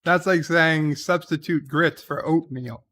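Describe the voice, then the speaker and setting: Reading viewer comments out loud on a casual livestream, this man answers them wryly and fills the gaps with plenty of "uh"s. His voice sits a little high and sounds pushed and bright, with a steady tone and an unhurried pace.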